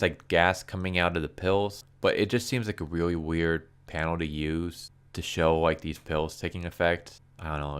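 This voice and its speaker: Brief: a low-voiced, sarcastic man in casual comic-review commentary, smooth and exasperated. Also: fairly bright tone.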